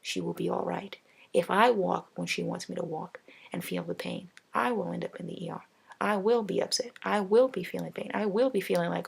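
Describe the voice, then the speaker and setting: Gravelly-voiced woman ranting emphatically. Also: medium pitch, brisk. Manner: emphatic, repetitive, advice-giving. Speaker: vlogger. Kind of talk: casual ranting monologue.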